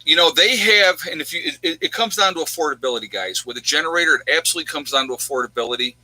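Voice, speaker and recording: Male livestream host, chatty and rambling, piercingly bright tone, dead-dry recording. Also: fairly high pitch, lively intonation, very fast, no room sound, low-quality recording. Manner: rambling, chatty, answers viewers' questions. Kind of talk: casual livestream chat.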